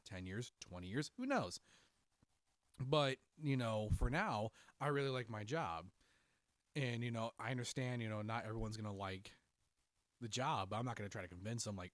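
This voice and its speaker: A man co-hosting a podcast in casual chat, telling stories in an animated way and laughing often. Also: medium pitch, no echo. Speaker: podcast co-host.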